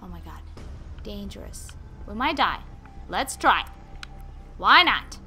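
A woman's voice: mid-range voice, very animated, slow, sharp tone, slightly rough, faint music behind. A woman hosting a gaming video, chatting casually and talking to the game's characters as she plays. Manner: chatty, talks to game characters. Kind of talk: let's play commentary.

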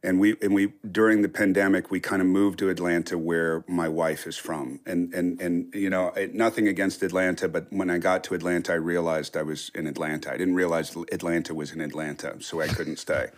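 A man's voice: sits low, fairly even intonation, a little fast, few pauses. A man in his fifties, a podcast guest, telling loose, rambling stories in casual chat and swearing freely.

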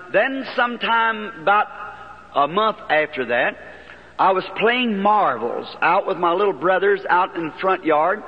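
A man's voice: high-pitched, slightly rough. A man preaching in a large auditorium, telling a childhood story in a folksy, earnest way on an archival recording. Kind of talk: sermon testimony storytelling. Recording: dull archival 1950s sermon recording in a long-echo hall.

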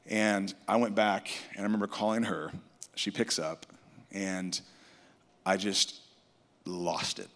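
A man's voice: on the low side, steady tone, moderate pace, vocal fry, a bit bright. A man telling a personal testimony at a conference, storytelling and quoting others. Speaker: worship musician. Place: large conference hall. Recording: reverberant hall.

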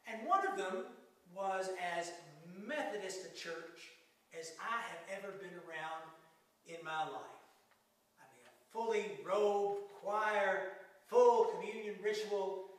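A male pastor preaching a sermon in a slow, folksy way, with humorous asides. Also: high voice. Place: church sanctuary. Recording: echoey sanctuary, mic at a distance.

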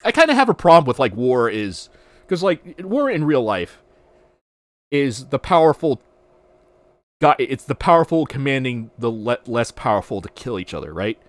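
A man's voice: mid-range voice, normal speed, no room sound. A man hosting a podcast, ranting casually with lots of swearing and restarts. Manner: animated, profane, ranting with restarts. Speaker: podcast host. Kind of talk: casual livestream rant.

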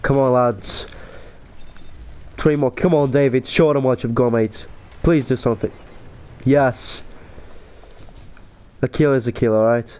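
A young man, a gaming YouTuber, gives live commentary on his own online shooter match in a medium-pitched, unhurried voice with long pauses. He's excitable, exclaiming over kills and deaths and narrating his plays as they happen.

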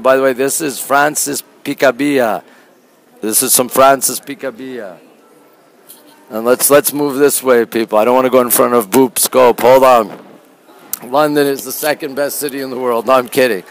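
Strolling through an art museum gallery, a Canadian livestreamer chats casually into the phone he carries, welcoming viewers by name one after another. His pitch is mid-range, he's chatty and frequently soft-spoken, and the recording is low quality.

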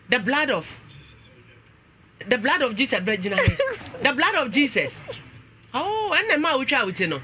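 A man's voice: very high voice, sing-song, normal speed, long pauses, sharp tone. A man with a Ghanaian accent hosting a talk show, switching between English and Twi and exclaiming often.

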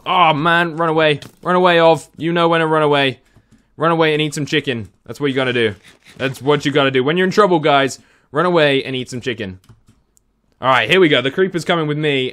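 A young man giving excitable gameplay commentary, chatting to the creatures on screen and to his viewers. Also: fairly high pitch. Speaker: gaming video host.

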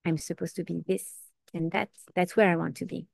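A woman's voice: fairly low pitch, brisk, creaky, dry recording. Woman, Torah teacher, earnest, asks and answers herself, dry recording. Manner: earnest, lively, asks and answers her own questions. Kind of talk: informal Torah class.

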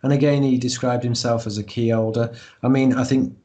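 A man, an author being interviewed, explaining esoteric ideas in a measured, hesitant way with frequent pauses and ums. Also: medium pitch, steady tone, dark tone. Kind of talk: discursive interview talk.

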